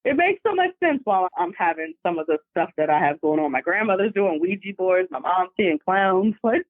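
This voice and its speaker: Animated slangy woman telling spooky family stories, sounds like a phone call. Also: on the low side, a little fast, no room sound. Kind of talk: casual storytelling over the phone. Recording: dry tinny phone line.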